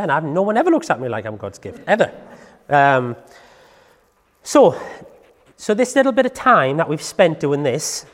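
A man's voice: medium pitch, long reverb tail. A man, a dog trainer explaining in a casual chatty way, full of tag questions. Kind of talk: casual instructional talk to camera.

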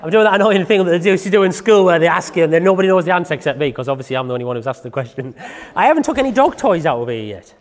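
A man's voice: lively intonation, racing, hardly any pauses, big-room sound. Northeast guy coaching dog owners, bouncy sing-song voice, chatty, lots of "yeah?". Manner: chatty, tag questions, switches to high praise for the dog. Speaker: dog trainer. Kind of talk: casual instructional talk to camera.

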